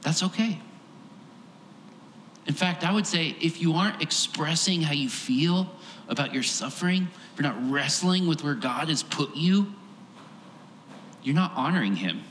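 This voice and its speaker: A man's voice: fairly high pitch, expressive, unhurried, pauses often, fairly bright tone. A male pastor delivers a sermon in an earnest, emphatic way, building on repeated phrases. His mid-range voice rings through a roomy church hall with a long reverb. A faint hum of the room sits behind him.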